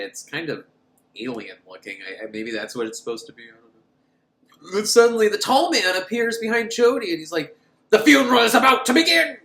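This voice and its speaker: A man's voice: a little high, a bit bright. A man giving a rambling, comic movie recap, laughing often as he goes. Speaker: film reviewer. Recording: roomy room echo.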